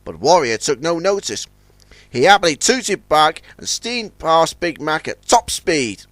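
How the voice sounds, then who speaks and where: A man's voice: a little high, very animated, unhurried, a bit bright, no room sound. A man reading a children's story aloud as narrator, switching between character voices.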